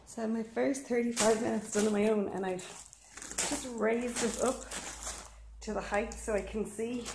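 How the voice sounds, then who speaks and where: A woman chatting casually to camera outdoors in her garden while she works, unhurried, with lots of ums and a little out of breath. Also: fairly high pitch, steady tone, creaky, roomy sound, noisy background. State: slightly out of breath from physical work. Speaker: vlogger.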